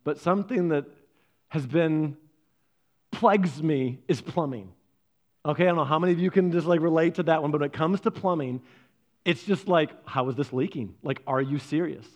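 A man's voice: a little high, normal speed, pauses often. A man preaching a sermon, telling personal stories and acting out his own reactions. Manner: animated storyteller, acts out his own reactions. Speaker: pastor.

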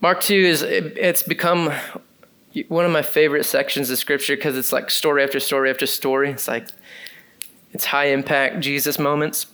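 In a clear, resonant, slightly high voice at a moderate pace, a man preaches conversationally and with energy. He alternates between scripture readings and casual, filler-heavy talk to the congregation.

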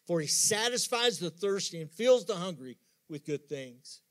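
A man's voice: sits high, very animated, normal speed. Emphatic preaching pastor, a man. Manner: emphatic preaching with sudden soft drops and rising outbursts. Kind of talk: sermon.

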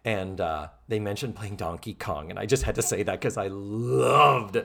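A man co-hosting a casual podcast, recapping a sitcom episode with animated delivery and free swearing. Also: on the low side, normal speed, vocal fry. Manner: animated, swears freely, acts out quoted lines. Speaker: podcast co-host.

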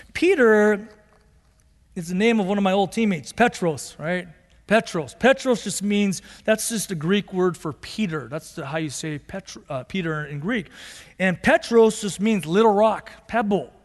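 A male pastor delivers a sermon in a high, bright-edged voice, mixing casual asides and rhetorical questions with emphatic declarations. His voice rings out with a long reverb, as in a big church sanctuary. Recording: long reverb of a large hall.

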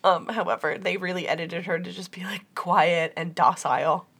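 A woman's voice: on the low side, fairly even intonation, moderate pace, a bit bright, husky. Young woman, casual chatter, retells scenes with quoted voices, laughs a lot. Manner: chatty, lots of "like", laughs often, acts out quotes. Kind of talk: casual chat.

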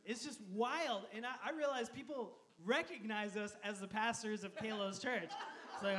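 A man in his thirties, a pastor preaching a sermon, telling a story with animated energy and frequent laughter. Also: high voice, moderate pace, a little hiss or hum. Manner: animated storyteller, laughs often, shouts quoted lines.

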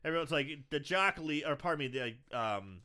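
This podcast co-host has a fairly high, smooth voice and talks a little fast while casually going over a film. He stays animated, laughing frequently and voicing the characters as he quotes them.

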